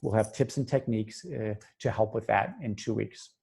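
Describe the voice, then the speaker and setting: A male psychologist presents a webinar in a loose, conversational way, often restarting his sentences. His voice is husky and darkly mellow, and he sounds like he is speaking into a computer mic on a video call. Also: on the low side, normal speed. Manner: conversational, many restarts and fillers, quotes clients in brief voices.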